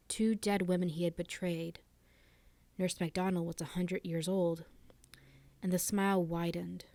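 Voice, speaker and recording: A woman reads a gothic tale aloud at a measured pace, slipping into hushed whispers at the eerie moments. Her voice is low and mellow. The sound is dry and close to the mic. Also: dry recording. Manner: slow, measured, drops into whispers. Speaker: library storyteller. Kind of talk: reading a ghost story aloud.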